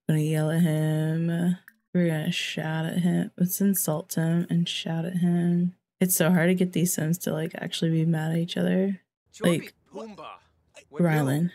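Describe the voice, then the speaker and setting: A woman talks through her game in a casual, chatty way, joking and exclaiming as things happen. Her voice sits low and carries a gravelly fry. She acts out the characters' lines without leaving her own voice. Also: fairly even intonation, normal speed, dark tone. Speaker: let's play host. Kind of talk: casual gameplay commentary.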